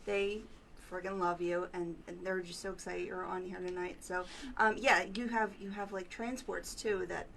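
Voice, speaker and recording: A woman's voice: on the low side, little pitch movement, normal speed, creaky, a bit bright, distant mic, slight background noise. Chatty woman co-host, a bit off-mic. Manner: enthusiastic, chatty asides. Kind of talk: casual chat. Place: studio.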